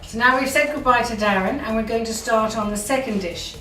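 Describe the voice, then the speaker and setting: Over music, a fairly high-pitched woman talks a little fast as she enthusiastically walks viewers through each step of a casual cooking show. She's in her roomy home kitchen, recorded by a distant mic.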